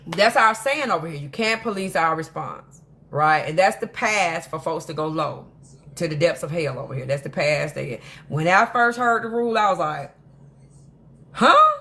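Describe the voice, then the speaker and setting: A woman with a low-pitched voice hosts a drama commentary channel, delivering a casual monologue at normal speed. She tells stories animatedly and emphatically, rambling and frequently restarting.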